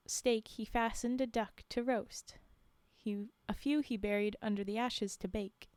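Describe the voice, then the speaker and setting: A woman reads folktales on a live stream at a slow pace, often breaking off to laugh and answer her chat. Her voice sits fairly high, and the sound is dry and close. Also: a little mellow, clear, resonant tone, no room sound. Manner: laughing asides to chat between read passages. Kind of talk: reading folktales aloud with chat asides.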